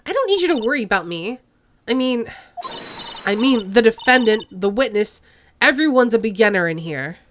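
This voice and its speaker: A woman's voice: fairly high pitch, very animated, moderate pace, a bit bright, a little hiss or hum. A woman voicing a nervous young female rookie lawyer who stammers. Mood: flustered. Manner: flustered, stammering.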